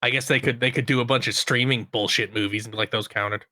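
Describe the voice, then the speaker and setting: A man's voice: mid-range voice, steady tone, fast talker, bright, forceful tone. A man co-hosting a podcast in casual chat, tossing in wry joking asides. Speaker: podcast co-host.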